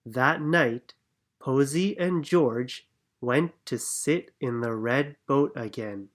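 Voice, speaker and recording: A reader narrating a children's picture book aloud in a calm, clear manner. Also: mid-range voice, slow. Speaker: storybook reader.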